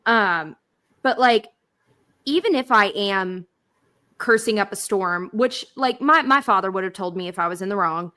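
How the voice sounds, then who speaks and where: A young woman, co-hosting a podcast and telling stories in a blunt, animated way. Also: medium pitch, normal speed. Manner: animated storytelling, swearing, blunt. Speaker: podcast co-host. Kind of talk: casual chat.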